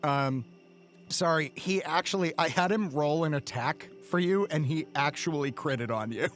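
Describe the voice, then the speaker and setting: Brief: man running a tabletop game, slightly high voice, loose and hesitant delivery. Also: normal speed, soft background music. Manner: relaxed, hesitant with many fillers. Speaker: game master.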